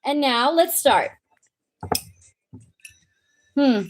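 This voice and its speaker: A woman's voice: high voice, expressive, extremely slow, a little hiss or hum. A woman giving a live-stream tarot reading, chatting with viewers and speaking in the first person for the person in the cards. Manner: chatty, talks to chat, speaks as the twin flame in first person. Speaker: tarot reader.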